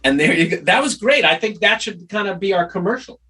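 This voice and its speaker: A man's voice: high-pitched, expressive, brisk, a crowd in the background, low-quality recording. A man, a doctor, co-hosting a podcast in easygoing casual chat. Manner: easygoing, laughs often.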